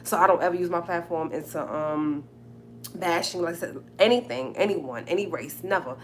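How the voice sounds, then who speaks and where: A woman's voice: fairly low pitch, moderate pace, slight background noise. A woman hosting a live stream, talking straight to her viewers in an emphatic, repetitive way.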